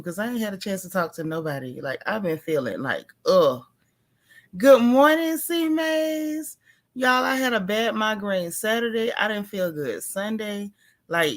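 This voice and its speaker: A woman hosting a casual early-morning livestream, talking in a half-whisper, a little tired after a migraine and greeting viewers by name. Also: medium pitch. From Texas. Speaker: livestream host.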